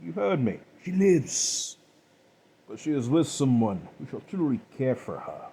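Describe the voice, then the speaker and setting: A man plays a menacing killer who never raises his voice. He speaks slowly and in measured tones, with cold mockery. His voice is husky and breathy. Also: medium pitch, sing-song, mellow, voice pushed up, heavily acted. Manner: slow, measured, coldly mocking. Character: calm, menacing male killer, cold and contemptuous.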